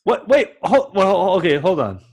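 Excitable crude man reacting to a movie. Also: high voice, moderate pace, slightly rough. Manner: crude, exclaiming, joking reactions. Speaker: podcast co-host riffing on a movie. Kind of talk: casual riffing movie commentary.

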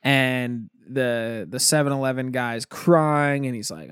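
A man's voice: mid-range voice, a little slow, hardly any pauses, clear, resonant tone, no room sound, studio quality. A man in casual chat, telling stories animatedly and acting out the quotes. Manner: animated storyteller, acts out quotes.

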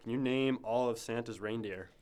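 A young man hosting a casual question-and-answer chat, teasing and deadpan. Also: mid-range voice, moderate pace, clean tone. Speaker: host asking questions.

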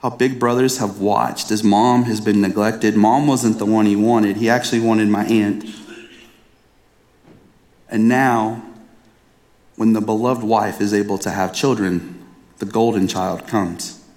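A man's voice: fairly low pitch, fairly even intonation, unhurried, pauses often, a little mellow. A man in his thirties preaching a sermon as a pastor, telling a personal story in an earnest, conversational way and often restarting his phrases. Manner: earnest, conversational storytelling with frequent repeated starts.

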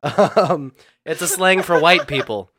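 A man's voice: fairly high pitch, slow, fairly bright tone, dry recording. A man hosting a podcast in casual, crude chat, laughing often. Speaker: podcast host.

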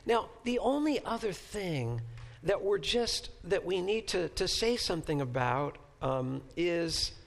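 A man professor giving a Bible lecture to a class, halting and repeating words as he searches for phrasing and asking rhetorical questions. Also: high voice, big pitch swings.

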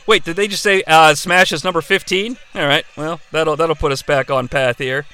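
A man hosting a live watch-along of a wrestling match, calling the action in an excitable, profane way. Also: on the high side, moderate pace, hardly any pauses, smooth, dry recording. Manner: excitable, profane, yelling play-by-play. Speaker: host.

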